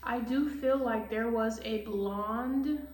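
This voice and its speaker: A woman's voice: on the high side, slow pace, a little mellow, distant mic, a little hiss or hum. A woman giving a casual tarot reading, blunt and profane, ranting heatedly. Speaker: tarot reader. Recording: echoey room, voice off-mic.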